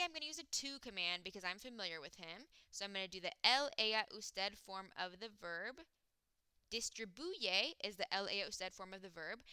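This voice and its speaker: A woman's voice: medium pitch, sharp tone, smooth, no room sound. A woman Spanish teacher, explaining grammar step by step in a recorded lesson, with frequent "um" and "okay".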